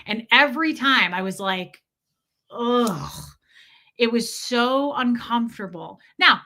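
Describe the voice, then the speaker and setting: A woman frankly telling a painful personal story, uneasy and halting at times, with some swearing. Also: on the high side, animated, bright, forceful tone, slight background noise. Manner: uneasy, halting and self-correcting.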